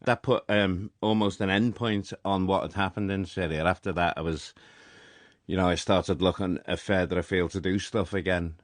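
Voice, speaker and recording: A man's voice: deep voice, fairly even intonation, moderate pace, dry recording. A man with a Liverpool accent interviewing a guest in a radio studio, earnest and chuckling. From Liverpool, England. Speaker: interviewer, former photojournalist. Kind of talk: conversational interview.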